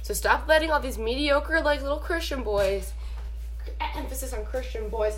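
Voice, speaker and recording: A woman's voice: sits high, normal speed, a bit bright, slight background noise. A young woman hosting a podcast, giving casual faith and dating advice in a chatty, preachy, rambling way, often checking in with "okay?". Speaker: podcast host.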